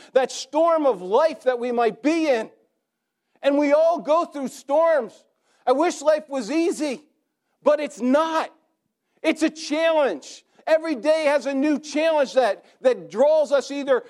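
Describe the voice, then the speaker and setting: A man with a strikingly high voice delivers a sermon. He asks rhetorical questions and stacks up repeated phrases in a steady, rhythmic preaching cadence.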